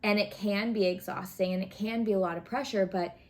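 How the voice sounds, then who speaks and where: A woman's voice: medium pitch, steady tone, fairly quick. A woman giving a casual tarot reading to camera, chatty and earnest, often checking in with the listener. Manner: chatty, earnest, frequent "right?" and "okay?" check-ins; encouraging, coaching tone. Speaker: tarot reader.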